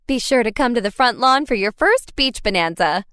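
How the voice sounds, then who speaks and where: Woman voicing a cheery sing-song hostess for an audiobook, high and bouncy. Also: expressive, normal speed, a bit bright, smooth, dry recording, studio quality. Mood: chirpy. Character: perky woman guide, chirpy hostess.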